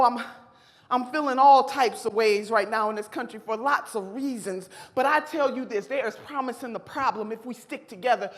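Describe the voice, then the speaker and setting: A woman giving an impassioned political speech at a convention, with a fiery, preacher-like cadence and shouted repetitions. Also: high voice. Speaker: convention speaker. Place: large convention hall. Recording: long hall reverb.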